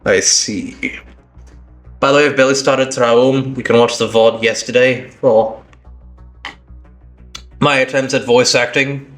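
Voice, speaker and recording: A tired British man streams live, rambling and correcting himself mid-thought in casual chat. His voice sits at an ordinary middle pitch. Faint music plays behind him. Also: fairly even intonation, unhurried, pauses often, a bit bright. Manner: rambling, self-correcting, chatty.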